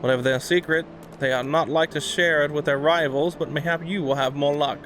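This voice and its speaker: A man voicing a shrewd, dryly formal male pirate captain from a video game, in measured, old-fashioned speech. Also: on the high side, fairly even intonation, fairly bright tone, faint music behind, natural voice. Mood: wry. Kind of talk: reading game dialogue aloud.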